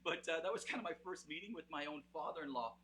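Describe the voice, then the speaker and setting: A man's voice: on the high side, fast, bright, forceful tone. A man with a Canadian accent hosts a live music stream in a casual, rambling way. He uses many fillers and talks straight to his viewers. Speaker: host of a live music show.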